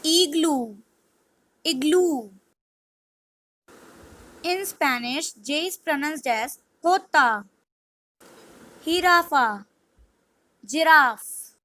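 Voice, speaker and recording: Brief: woman tutor, high voice, very slow deliberate reading, dry close sound. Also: expressive, fairly bright tone, rough recording. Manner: measured, word-by-word reading. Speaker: language teacher. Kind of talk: scripted vocabulary lesson.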